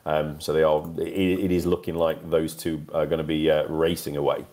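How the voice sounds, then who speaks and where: Deep-voiced man reading cricket scores. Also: level tone, moderate pace, mellow. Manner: reads scores off notes, chatty and upbeat. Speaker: podcast co-host. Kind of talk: casual cricket podcast chat.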